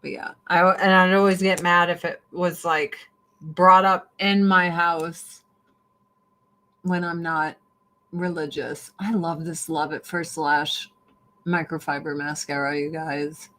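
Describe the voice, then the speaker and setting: Bright-voiced, blunt, swearing woman. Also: lowish voice, fairly even intonation, slow pace. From United States. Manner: blunt, profane, jumping between topics. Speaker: livestream host. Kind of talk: casual rant to viewers.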